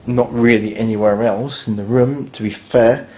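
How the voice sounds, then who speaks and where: A man's voice: mid-range voice, fairly even intonation, moderate pace, darkish tone, slight background noise. A man with an ordinary, mid-range voice talks his way through a hotel review as he films. He is blunt and a little sarcastic, grumbling about broken fittings in a casual, offhand way. The sound is that of a handheld camera in a hotel room. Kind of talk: casual spoken review while filming.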